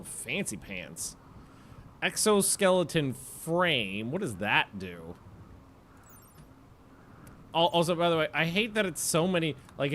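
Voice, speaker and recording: Bright-voiced man chatting over gameplay. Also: on the high side, a little hiss or hum. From United States. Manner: chatty, rambling, self-correcting. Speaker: streamer. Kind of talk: casual gameplay commentary.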